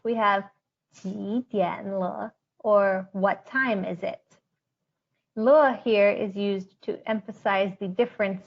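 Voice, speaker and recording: A woman teaching a beginner Chinese grammar lesson, slowing down to say each example sentence with care. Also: medium pitch, creaky, dull audio.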